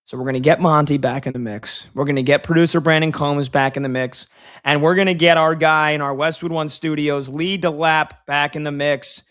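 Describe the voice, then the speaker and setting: Bright-voiced chatty sports radio host. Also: male voice, on the high side, fairly quick. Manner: chatty, joking, energetic. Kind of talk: casual sports talk.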